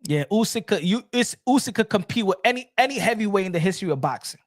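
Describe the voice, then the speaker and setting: A high-voiced, expressive man talks fast while hosting a boxing talk show. His casual commentary is a heated rant, full of repetition and heavy profanity.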